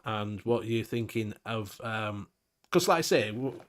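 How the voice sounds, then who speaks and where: A man's voice: on the low side, lively intonation, measured pace, a little hiss or hum. A man, hosting a casual live-stream chat, reading out viewer comments, laughing often and swearing casually. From England.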